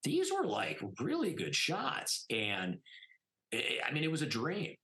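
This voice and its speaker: A man's voice: fairly high pitch, wildly swooping pitch, a little slow, sharp tone, poor audio. A middle-aged man, a plastic surgeon guest on a podcast, telling stories casually and emphatically with many "I mean" fillers. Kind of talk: casual storytelling interview.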